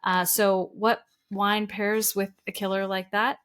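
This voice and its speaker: A woman's voice: mid-range voice, level tone, measured pace, fairly bright tone, smooth. Chatty American woman podcast host. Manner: chatty, laughs often, reads lists aloud. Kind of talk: casual chat.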